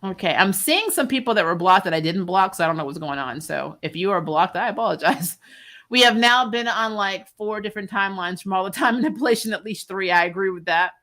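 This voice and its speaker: Bright-voiced woman hosting a live stream. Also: mid-range voice, animated. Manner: chatty, laughs often, quick asides. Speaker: YouTube host discussing a TV series. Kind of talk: casual live-stream chat, reading viewer comments.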